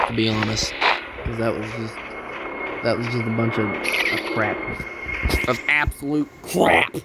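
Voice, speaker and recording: A young man talks through his game in a loose, rambling way and cracks jokes at his own expense. His voice sits at an ordinary middle pitch. Loud background noise runs under everything he says. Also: fairly even intonation, measured pace. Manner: rambling, jokey, self-mocking. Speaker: gaming channel host. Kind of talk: casual gameplay commentary.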